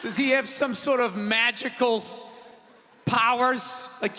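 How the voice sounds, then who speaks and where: Loud, profane, ranting stand-up comic. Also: male voice, extremely high pitch, steady tone, slow. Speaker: stand-up comedian. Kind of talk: stand-up comedy rant. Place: large theater. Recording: live theater reverb, crowd noise.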